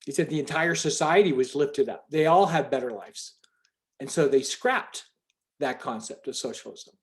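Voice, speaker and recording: A man's voice: medium pitch, normal speed. A man leading a group video call, talking in a rambling, emphatic way with many restarts. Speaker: call organizer.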